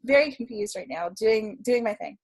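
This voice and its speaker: A woman from Florida, a tarot reader and writer appearing as a guest, tells a story in a casual interview. Her voice is a little high and moderately paced, chatty, full of fillers, and she laughs often.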